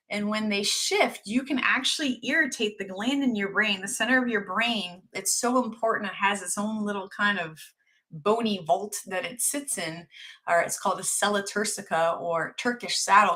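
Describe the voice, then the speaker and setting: A middle-aged woman, a doctor being interviewed, telling casual stories and acting out the lines of the people in them. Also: mid-range voice. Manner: animated, acts out dialogue in her stories. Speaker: guest doctor.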